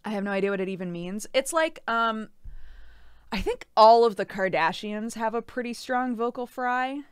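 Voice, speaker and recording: A woman's voice: on the high side, moderate pace, clean tone, no room sound, studio quality. A woman streaming, chatting casually and reacting to chat, often laughing and saying "like". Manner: giggly, animated, says "like" a lot.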